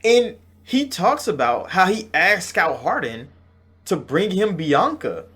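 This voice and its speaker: A young man with a fairly high voice talks through a video game in a loose, profane reaction chat. He jumps from loud, excited bursts to slow, heavy emphasis as he vents about the game. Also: slightly rough. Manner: excitable, profane, swings between loud outbursts and drawn-out slow stresses. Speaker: gaming channel host. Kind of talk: casual game reaction talk.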